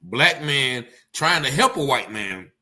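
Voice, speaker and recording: A man giving casual commentary, animated and rambling, often acting out what people said. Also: medium pitch, takes it slowly. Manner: animated, rambling, acts out quotes.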